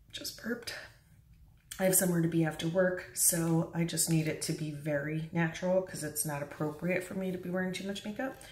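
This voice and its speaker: A young woman with a low voice talks her way through an early-morning makeup tutorial at home, chatty and self-deprecating, going quiet at times. She's at a mirror in a bathroom or bedroom, and the echoey room makes her sound distant.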